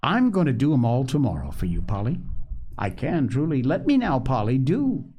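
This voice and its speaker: A man reading aloud and voicing a small, eager little girl who is quick to take offense and sweet-natured. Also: slightly rough, dull audio. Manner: high, childlike and excitable.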